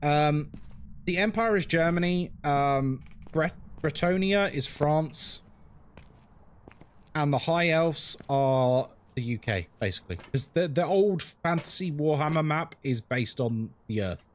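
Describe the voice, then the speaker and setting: A man's voice: a little high, lively intonation, unhurried, slight background noise. A man with a London accent, chatting frankly on a live game stream and answering his chat as he plays. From England.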